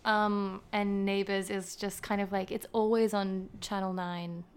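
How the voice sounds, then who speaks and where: A woman's voice: mid-range voice, flat delivery, unhurried, smooth. A woman with an Australian accent, a podcast guest chatting casually and telling stories with easy laughter. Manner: chatty, laughs easily, storytelling. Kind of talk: casual chat.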